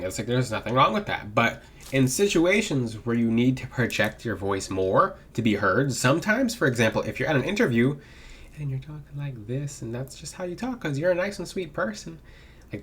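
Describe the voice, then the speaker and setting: Man with a swooping, lively voice. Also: fast talker, breathy edge. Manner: animated, swooping pitch to demonstrate; rambling with frequent restarts. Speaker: spiritual voice coach. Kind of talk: casual advice vlog.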